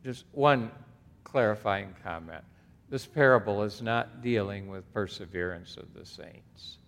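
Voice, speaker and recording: A man's voice: fairly low pitch, a little slow, fairly bright tone. A man preaching a sermon as pastor, reading scripture aloud and breaking off into emphatic asides. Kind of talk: expository sermon. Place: church sanctuary. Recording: long hall reverb.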